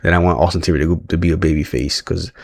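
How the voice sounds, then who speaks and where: Casual male recap host, lowish register, chatty and easily amused, dry close sound. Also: steady tone, fast, creaky, dry recording. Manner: chatty, laughs often, frequent restarts. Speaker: wrestling recap reviewer.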